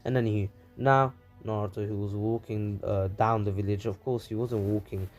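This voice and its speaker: A man's voice: on the low side, fairly even intonation, moderate pace, a little mellow, faint music behind. A man casually narrating a fan story, rambling with many fillers.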